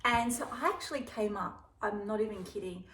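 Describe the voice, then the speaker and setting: A woman's voice: medium pitch, brisk, fairly bright tone. A woman with an Australian accent, chatting casually in a rambling way as a dog vlogger. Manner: rambling, chatty, breaks off to talk to her dog. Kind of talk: casual vlog chat. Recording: echoey room, faint background hiss.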